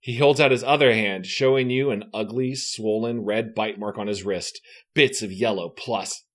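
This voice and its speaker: A man's voice: lowish voice, steady tone, moderate pace. A man reading a choose-your-own-adventure book aloud with theatrical flair and jokes. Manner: theatrical, jokey. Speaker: host reading a gamebook aloud. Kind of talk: dramatic read-aloud with banter.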